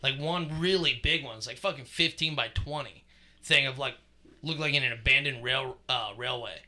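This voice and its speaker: Here a podcast co-host recounts a story in easygoing chat, his medium-pitched voice moving at a moderate pace with a sharp edge. His delivery is profane and meandering, crowded with filler words.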